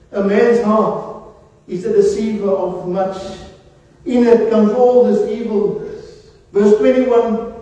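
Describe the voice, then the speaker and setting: A man's voice: high voice, dark tone. A man preaching a sermon as pastor, repeatedly calling the congregation beloved. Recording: echoey hall, voice from far off, dull sound.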